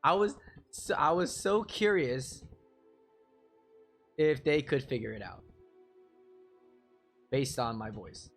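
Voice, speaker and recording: A man's voice: medium pitch, very animated, slow pace, pauses often, a bit bright. A man streaming live, telling a rambling, self-deprecating story full of fillers and chuckles, with faint music behind him. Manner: chuckles often between phrases.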